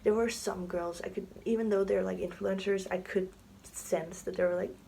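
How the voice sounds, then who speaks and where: A woman's voice: mid-range voice, fairly even intonation, normal speed, creaky, warm tone, slight background noise, poor audio. A young woman telling a story on her vlog in a chatty, casual way, full of fillers and often dropping into a whisper. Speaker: vlogger. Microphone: camera mic, sitting to film.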